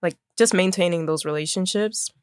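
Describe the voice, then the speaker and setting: A woman's voice: fairly low pitch, fairly quick, darkish tone, clean tone, no room sound, studio quality. A young woman from Maryland, a fashion designer, chatting casually as a podcast guest and using lots of fillers. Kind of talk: casual conversation.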